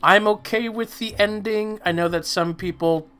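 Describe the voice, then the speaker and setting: A man chatting casually as co-host, slightly hoarse, with a relaxed manner that trails off. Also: sits high, moderate pace, soft background music. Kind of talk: casual chat.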